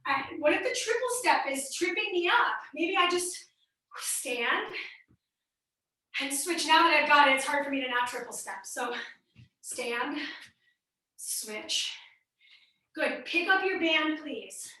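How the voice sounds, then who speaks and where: A woman's voice: high-pitched, animated, slow, pauses often, pushed and bright. Upbeat woman fitness coach, light Midwestern accent, recorded from a distance in a very echoey room. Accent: Midwestern American. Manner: upbeat, encouraging coaching while exercising. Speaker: fitness instructor. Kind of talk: workout class instruction.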